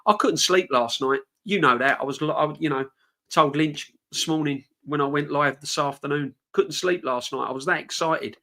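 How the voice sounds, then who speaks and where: On his fan channel live stream, a male host works himself into a heated, repetitive rant, clearly angry and passionate. He speaks at a moderate pace with a sharp tone and a voice on the high side.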